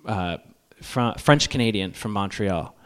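A man whose voice is on the low side and clean in tone tells a humorous story to a live audience, speaking a bit slowly. He pokes fun at himself and animatedly plays every character.

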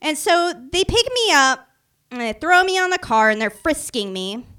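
A young woman tells a story from her own life straight to the camera, with a high, bright voice. She mocks herself and slips into the voices of the other people in the story. Her delivery stays lively and animated throughout. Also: moderate pace. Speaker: vlogger. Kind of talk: storytime anecdote.

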